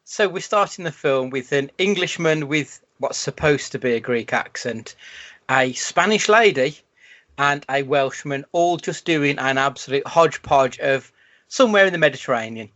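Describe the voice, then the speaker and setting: A man's voice: on the high side, animated, moderate pace, a bit bright. A man co-hosting a podcast, riffing on a film with wry, sarcastic remarks. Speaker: podcast co-host. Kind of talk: casual film-review chat. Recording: dull lo-fi podcast audio.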